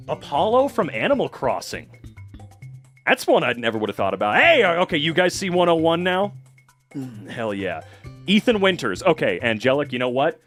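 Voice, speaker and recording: Young man, livestreamer, excitable, profane, animated voice. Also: medium pitch, moderate pace, faint music behind. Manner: excitable, swears a lot, laughs often, reacts to chat. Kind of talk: casual livestream chat.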